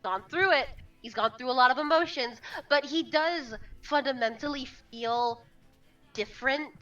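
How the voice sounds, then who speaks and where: A woman player in a tabletop game, excitable and giggly as she describes her character, from a distant mic. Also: high voice, moderate pace, muffled recording, faint music behind.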